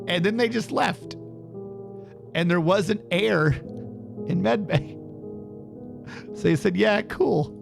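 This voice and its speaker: A man telling a story on a casual live stream, animated and swearing freely, acting out what others said. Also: high-pitched, slow, creaky, long pauses, music in the background.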